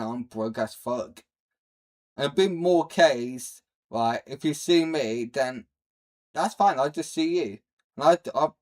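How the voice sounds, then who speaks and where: A young man giving casual, rambling reaction commentary, blunt and jumping between loud outbursts and low mutters. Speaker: streamer reacting to a video.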